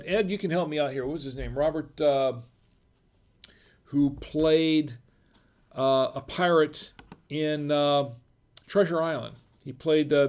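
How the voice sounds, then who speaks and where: A middle-aged man hosts a laid-back wine show, wandering off on tangents and chuckling between thoughts. His voice has a gravelly, crackly texture and sits a bit high for a man. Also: a little mellow. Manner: rambling and digressive, chuckles often. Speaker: host of a wine review show. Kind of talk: casual livestream chat.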